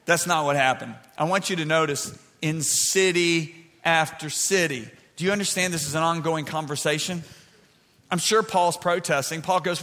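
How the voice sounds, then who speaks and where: A man preaching a sermon in a church, animated and building to shouts. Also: on the high side, fairly quick, big-room sound.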